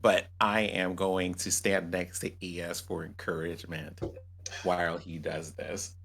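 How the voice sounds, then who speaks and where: A man playing a tabletop game, reasoning things through in a thoughtful, measured way. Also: low-pitched, little pitch movement, gravelly, fairly bright tone, slight background noise. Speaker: player. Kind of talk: casual tabletop role-play.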